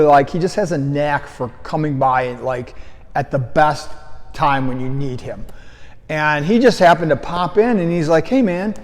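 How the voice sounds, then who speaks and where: A man with a fairly high voice tells a casual story from his coaching days, wandering through restarts and acting out the quoted lines louder. His voice trails off into a long reverb, as if he is recorded in a big, hard room. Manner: rambling storyteller who acts out quoted lines in a raised voice. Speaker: fitness coach and gym founder. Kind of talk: casual spoken anecdote.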